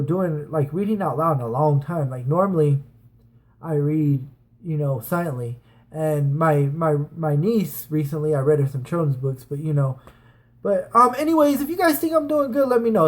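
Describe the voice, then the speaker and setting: A man's voice: fairly high pitch, darkish tone. A young man doing a casual reading aloud and chatting to viewers, often stumbling over names and correcting himself. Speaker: amateur reader.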